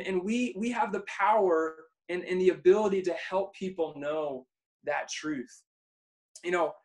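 Male preacher, higher voice, earnest and encouraging sermon delivery. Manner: earnest, encouraging, addresses listeners as guys.

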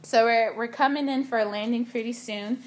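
Animated young woman giving a casual sermon. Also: fairly high pitch, normal speed. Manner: animated storytelling, filler-heavy, acts out quotes. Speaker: youth speaker. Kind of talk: casual sermon with personal story.

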